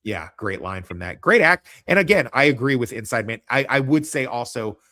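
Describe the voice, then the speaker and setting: A man's voice: mid-range voice, animated, a little fast, sharp tone. A man hosting a casual livestream chat, rambling and joking with lots of swearing. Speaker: podcast host.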